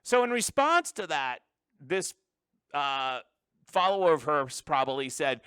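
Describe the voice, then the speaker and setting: A man's voice: on the high side, big pitch swings, a little slow, a bit bright, clear, resonant tone, no room sound, clean studio sound. A man hosting a solo political commentary show, talking in an emphatic, opinionated way. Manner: emphatic, opinionated, with frequent restarts.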